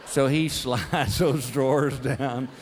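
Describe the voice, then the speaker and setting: A middle-aged man, telling a stand-up comedy story with animated delivery and acted-out voices, sometimes shouting punchlines. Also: mid-range voice, slow pace. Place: stage before a live audience. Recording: live show with crowd laughter and noise. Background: audience laughter.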